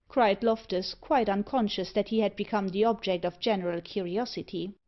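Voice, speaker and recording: A woman narrating an audiobook of a classic novel in a steady, measured reading. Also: medium pitch. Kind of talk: scripted narration. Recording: slightly dull lo-fi recording.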